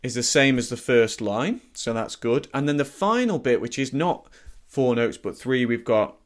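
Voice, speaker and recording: A man of middle pitch gives a casual harmonica lesson. He talks in an easygoing way, thinks aloud and catches his own slips. He sounds a little short of breath. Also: expressive, moderate pace, music in the background. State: slightly out of breath. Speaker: harmonica teacher. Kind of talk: relaxed instructional talk.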